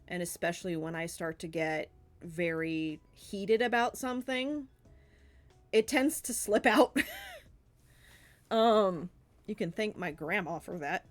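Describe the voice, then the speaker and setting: Southern gal streaming, rambly and giggly, takes her time talking. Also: fairly low pitch. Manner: rambling, giggly, many fillers. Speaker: streamer and artist. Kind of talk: casual live-stream Q&A.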